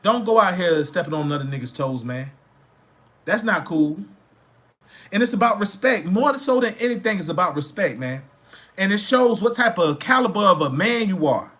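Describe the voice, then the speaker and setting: Man, high voice, bright tone, blunt and profane, casual live-stream rant. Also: lively intonation, moderate pace. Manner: repeats phrases for emphasis. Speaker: livestream host.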